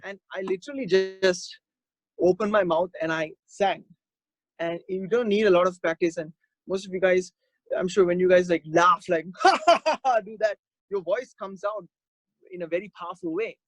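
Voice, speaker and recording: A man teaching a singing workshop over a video call, explaining in a relaxed, halting way between short sung demonstrations. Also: high-pitched, no room sound. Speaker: guest vocal coach.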